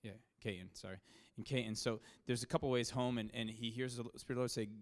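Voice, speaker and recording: A pastor telling a story from the pulpit in a loose, rambling way, full of fillers and restarts. He speaks with a mid-range man's voice. He gets louder and more excited as the story builds. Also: mid-range voice, fast talker. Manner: grows louder and more excited at dramatic moments. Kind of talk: sermon storytelling.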